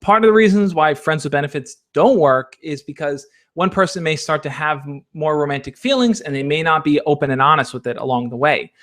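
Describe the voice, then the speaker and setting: A man with a slightly raised voice hosts a relaxed Q&A stream. He gives encouraging, coach-like advice and keeps checking in with the people listening. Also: on the high side, fairly quick, few pauses. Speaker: advice channel host. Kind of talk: casual Q&A livestream.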